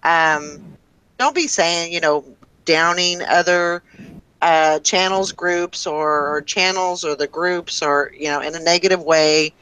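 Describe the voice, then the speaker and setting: A woman hosting a live online show, talking slowly and earnestly to her audience with many fillers. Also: on the low side, a bit bright, clear, resonant tone, no echo, low-quality recording. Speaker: host. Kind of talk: casual live show chat.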